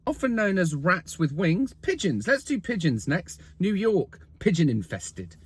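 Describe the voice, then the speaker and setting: Sweary high-voiced man. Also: measured pace, husky. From London, England. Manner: sweary, animated, jokey asides. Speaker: video host. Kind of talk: comic fact-list monologue.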